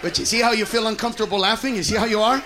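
A man performing a profane stand-up comedy set, loud and brash, jumping between shouted bits and muttered asides. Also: high-pitched, rapid-fire, crowd noise, background noise. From United States.

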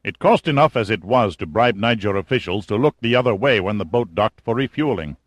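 A man's voice: fairly low pitch, animated, fairly quick, no room sound. A man doing a cold, commanding general. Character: cold, menacing middle-aged male general.

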